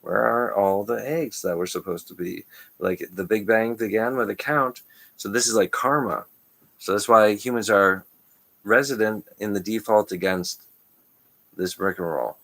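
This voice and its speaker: Low-voiced man rambling to camera. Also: fairly even intonation, normal speed, vocal fry, fairly bright tone. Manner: stream-of-consciousness, restarts, frequent chuckles. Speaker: channel host.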